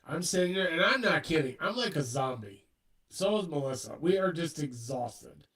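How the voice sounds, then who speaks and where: A man with a fairly high voice tells a rambling story in casual chat and acts out the dialogue as he goes. He sits a little back from the mic. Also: animated, normal speed, a bit bright, far from the mic, rough recording. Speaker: co-host.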